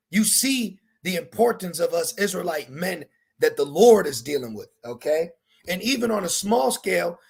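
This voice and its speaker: Gravelly, husky man preaching casually. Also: sits high. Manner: casual slangy preaching, repeats "man" and "all right". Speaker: street preacher. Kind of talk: informal sermon.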